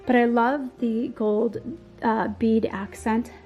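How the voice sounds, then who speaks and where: Woman, home tour vlogger, slightly high voice, gushing, a bit hoarse, soft music underneath. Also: fairly even intonation, takes it slowly. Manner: gushing, enthusiastic, frequent ums and likes. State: slightly losing her voice. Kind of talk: casual home tour narration.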